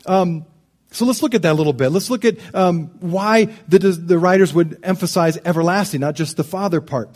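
Animated middle-aged male pastor preaching. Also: high voice, moderate pace. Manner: storytelling, animated, swings from loud to soft and intimate. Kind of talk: sermon.

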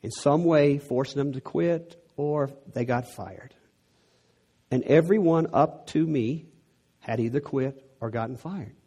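A man's voice: medium pitch, measured pace, mellow, slightly rough. A middle-aged man from Texas with a Texan accent, preaching a sermon in an earnest way that builds to emphatic peaks.

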